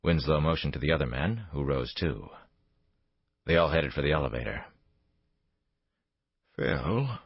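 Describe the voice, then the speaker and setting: A man narrating a thriller audiobook in a measured, dramatic storytelling manner. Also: very deep voice, dry recording. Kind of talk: scripted narration. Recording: dull lo-fi dry recording.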